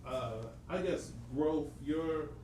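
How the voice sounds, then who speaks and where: A grown son talking casually with his father, halting with many fillers and chuckling often. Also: fairly high pitch, darkish tone. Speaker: church executive director, adult son. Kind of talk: casual family chat. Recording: roomy, distant mic with faint noise.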